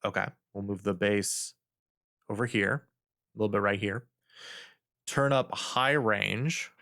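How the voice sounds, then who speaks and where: A man's voice: lowish voice, fairly even intonation, unhurried, vocal fry, bright, forceful tone. A man streaming from home, casually chatting and repeating silly test phrases while adjusting his mic settings. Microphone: studio desk mic. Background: music playing.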